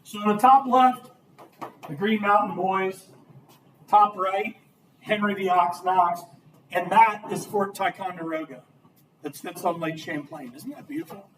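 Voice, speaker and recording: A man's voice: high voice, measured pace, slight background noise. A man teaching a history class, lecturing with energy and asking his students questions. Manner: lively, asks the class questions. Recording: roomy, distant classroom recording.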